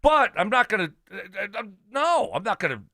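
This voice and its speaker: Radio guy ranting about his day, high voice, up and down a lot. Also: a little fast, vocal fry, dry recording, studio quality. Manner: animated storyteller, ranting and exasperated. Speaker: sports radio host. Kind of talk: casual radio chat.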